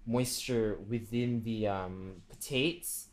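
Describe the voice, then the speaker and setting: A man's voice: fairly low pitch, slow. A man chatting casually on a cooking livestream, rambling with many fillers and calling himself by name in the third person. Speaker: streamer.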